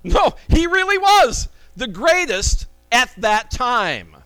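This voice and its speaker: High-voiced man preaching emphatically. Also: very animated, slow pace, sharp tone, clean tone, poor audio. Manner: emphatic, conversational preaching with rhetorical questions. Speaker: pastor. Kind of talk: sermon.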